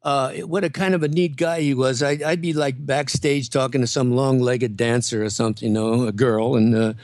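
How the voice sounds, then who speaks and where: An older male comedian and impressionist, a guest telling animated stories and slipping into voices. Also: medium pitch, moderate pace, no room sound. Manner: lively storyteller who slips into voices.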